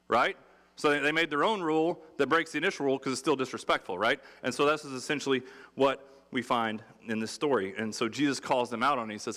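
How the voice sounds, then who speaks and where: A man preaching a sermon in a relaxed, conversational and humorous way, acting out quotes. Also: medium pitch, fast talker. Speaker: pastor. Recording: long hall reverb.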